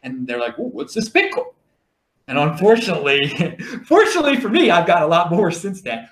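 A podcast host with a Baltimore accent talks in a casual, rambling monologue full of restarts and jokey asides. His voice sits a little high and swings up and down a lot. The room around him sounds roomy and echoey. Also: big pitch swings, fairly quick.

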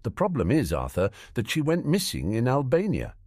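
A man's voice: medium pitch, wildly swooping pitch, moderate pace, a little mellow, no room sound, clean studio sound. A man voicing a stern, disdainful senior ministry official who talks in a clipped, formal way.

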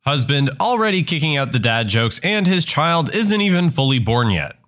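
Man, story narrator, very animated pitch, quoting others in a raised voice. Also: normal speed. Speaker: narrator reading online comments. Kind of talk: scripted narration of reader stories.

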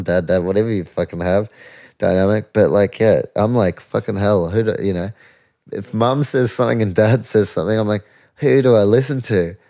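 A man's voice: low voice, dark tone. A young man, hosting a casual sports podcast, ranting and swearing in disbelief. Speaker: podcast host.

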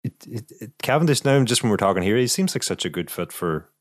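A man's voice: lowish voice, sing-song, quick pace, dry recording, clean studio sound. A man and former racer chatting casually as a podcast co-host, often repeating words as he thinks aloud. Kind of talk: casual cycling chat.

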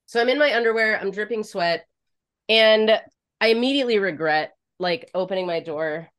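A woman's voice: medium pitch, normal speed, a bit bright. A woman co-hosting a podcast, telling a frank, crude story in casual chat, swearing freely. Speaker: podcast co-host.

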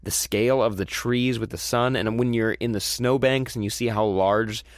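A man's voice: medium pitch, steady tone, normal speed, no echo, clean studio sound. A man hosting a casual movie review chat, talking enthusiastically with frequent restarts and rambling sentences. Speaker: movie review podcast host.

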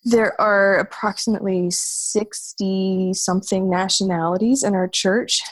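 A woman appearing as a podcast guest keeps things chatty and casual in her morning voice, often laughing and restarting words. Her medium-pitched voice stays steady in tone at a measured pace, and the recording is dry.

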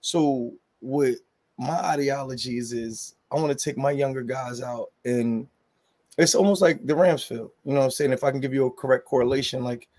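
A man's voice: mid-range voice, moderate pace, darkish tone. Joking New man telling stories. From New Jersey. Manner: loose and joking, storytelling, with slang and restarts. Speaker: music label head. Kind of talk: casual interview talk.

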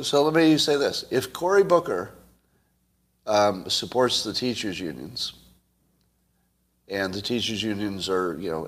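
A man hosting a solo commentary show, arguing his point in a conversational way and putting questions to his audience. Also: husky. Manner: wide swings in pitch and loudness.

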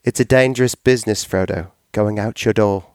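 A man's voice: fairly low pitch, brisk, a little mellow, clean tone, dry recording, studio quality, natural voice. Bilbo, a man putting on a solemn old hobbit. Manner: solemn, put-on storybook accent. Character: old male hobbit giving grave advice.

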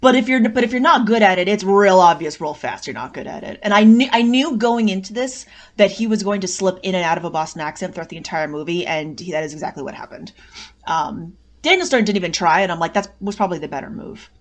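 A woman's voice of middle pitch, chatting as a guest on a movie podcast. She talks in an animated way, often saying "like", and acts out lines from the film. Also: fast. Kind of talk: casual movie review chat.

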